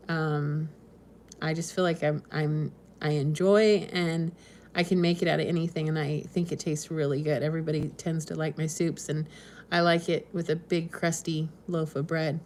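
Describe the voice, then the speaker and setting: A woman with a lowish voice chats casually on a home live stream, wandering from thought to thought and reading out viewer comments. A faint hum of room sound sits behind her. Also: darkish tone. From West Coast of the US. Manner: chatty, meandering, frequent ums and laughs. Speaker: homesteading channel host.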